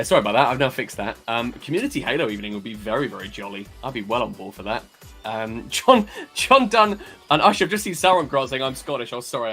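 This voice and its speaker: A man guesting on a live stream, chatty and quick to laugh, filling pauses with ums. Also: medium pitch, bright, forceful tone. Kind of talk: casual live-stream chat.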